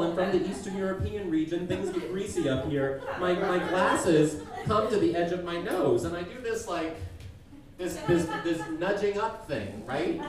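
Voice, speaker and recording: A man doing a stand-up roast while sick, rambling and halting in a self-deprecating way on a comedy club stage. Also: high-pitched. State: sick, congested. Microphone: stage mic at a distance. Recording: echoey stage from far off, crowd laughter.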